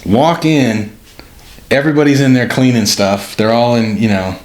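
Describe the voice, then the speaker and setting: A man in his fifties, a guest on a podcast, telling an animated story from his career with frequent laughs. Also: medium pitch, normal speed. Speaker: podcast guest, retired Special Forces officer. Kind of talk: casual storytelling interview. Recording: echoey room with faint noise.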